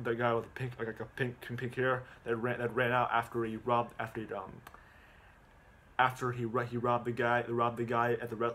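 A man of ordinary pitch talks through a movie plot in a loose, rambling way. He keeps restarting his sentences and fills the gaps with ums and repeated words. He is speaking at home, and a faint hiss sits under his voice. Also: a bit bright. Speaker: movie recap vlogger. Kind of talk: casual rambling movie recap.

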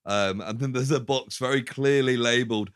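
A man co-hosting a podcast, calmly retelling a film's plot step by step. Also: medium pitch, moderate pace, dry recording, clean studio sound. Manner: narrates plot step by step, relaxed. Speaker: podcast co-host. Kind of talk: casual film review chat.

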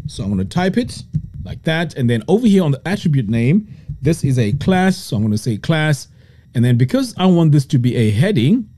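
Man, software tutorial narration, lively pitch, dark mellow tone, step-by-step walkthrough. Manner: relaxed step-by-step walkthrough, frequent "so" and "okay". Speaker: web design tutorial presenter. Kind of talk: screen-recorded software tutorial.

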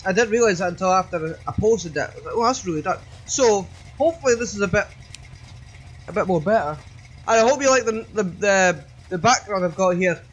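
A man's voice: sits high, expressive, brisk, highs cut off. A man hosting a let's play, chatting and joking as he goes. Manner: chatty, jokey, rambling. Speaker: gaming channel host.

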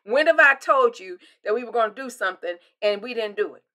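A woman voicing a calm, confident male teacher figure in a sermon, talking quickly and in a matter-of-fact, mildly scolding way. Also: on the high side. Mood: calmly chiding.

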